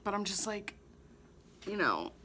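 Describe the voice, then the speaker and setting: A woman's voice: mid-range voice, sing-song, unhurried, pushed and bright. A young woman vlogging casually to the camera, thinking aloud in a rambling, self-mocking way. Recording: faint background noise.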